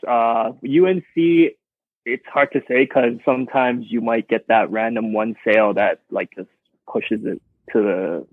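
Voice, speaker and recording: A man's voice: medium pitch, unhurried, no room sound. Man, podcast guest, hesitant, many fillers, tinny phone-like line. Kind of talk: casual chat.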